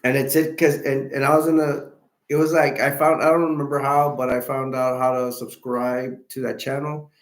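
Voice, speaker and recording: A man hosting a live stream, chatting in a halting, rambling way with many restarts and self-corrections, with hiccups. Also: mid-range voice, level tone, reverberant.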